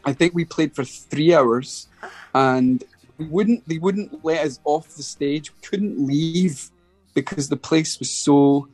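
A Scottish guest musician tells a casual anecdote during an interview, hesitant and restarting often but animated in his storytelling. His voice is a little high and slow, with faint music playing behind him.

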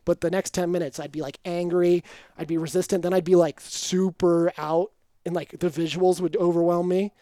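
Animated young man telling a wild story. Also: high voice, normal speed, no room sound. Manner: animated, acts out quotes with swearing. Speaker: podcast guest storyteller. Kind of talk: casual storytelling.

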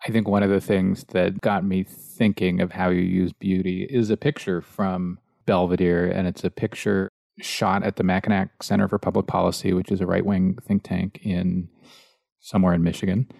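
A male interviewer with a low, gravelly voice recorded close and dry. He speaks bluntly with a wry, amused edge. His comments tease his guest. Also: level tone, moderate pace, dark tone, dry recording. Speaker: podcast host. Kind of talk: interview conversation.

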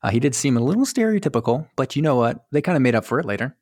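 A man's voice: mid-range voice, sing-song, racing, darkish tone, dry recording. Rambling man recapping a movie, dry sound. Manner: rambling, jokey, acts out characters' lines. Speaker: podcast co-host. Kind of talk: casual movie recap chat.

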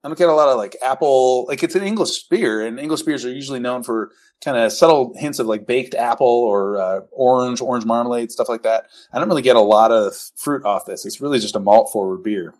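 A man's voice: mid-range voice, fairly quick, few pauses, darkish tone. A middle-aged man hosting a casual podcast chat, explaining things in detail and quizzing his guests. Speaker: podcast host.

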